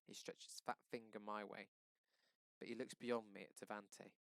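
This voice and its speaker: Expressive male teacher reading aloud. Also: on the low side, moderate pace, creaky, no echo.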